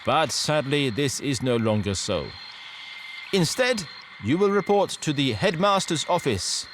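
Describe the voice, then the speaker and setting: A woman's voice: sits low, animated, unhurried, slight background noise. A man voicing an eerie, old-fashioned ghostly woman substitute teacher with a French accent, speaking in a cold, formal, threatening way. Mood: menacing.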